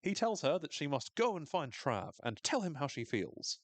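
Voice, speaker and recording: Animated man recapping a show. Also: fairly high pitch, moderate pace, no echo. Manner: animated, swears freely, acts out characters' lines in funny voices. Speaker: podcast host recapping a TV episode. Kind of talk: casual recap chat.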